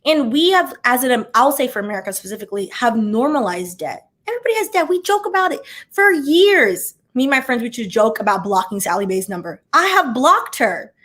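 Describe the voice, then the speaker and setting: A woman in her thirties, a former attorney hosting her channel, chatting casually and reacting to viewer comments with quick tangents and lots of filler words. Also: a little high, sing-song, a bit bright.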